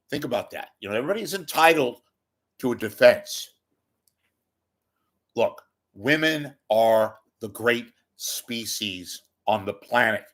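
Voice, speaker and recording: A man's voice: mid-range voice, fairly bright tone. A man giving a rambling, self-mocking comedic monologue to his viewers, often swearing. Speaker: YouTube commentator.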